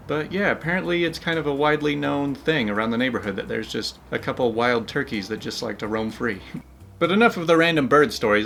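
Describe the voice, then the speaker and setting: A man's voice: mid-range voice, a bit bright. A man hosting a story channel, narrating online stories in an upbeat, chatty way. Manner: upbeat, chatty, laughs between asides.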